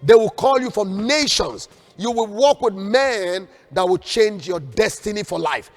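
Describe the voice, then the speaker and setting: Unhurried, animated and high-pitched, a man delivers fervent preaching as a prophet on an online prayer broadcast. He presses viewers to repeat declarations after him, his voice echoing with long hall reverb over faint background music.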